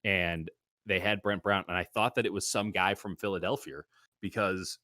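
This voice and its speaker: A man's voice: low voice, fairly even intonation, normal speed, sharp tone, no room sound, clean studio sound. A man hosting a sports betting show, giving his picks in casual talk and riffing with comic exaggeration. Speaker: sports betting podcast host.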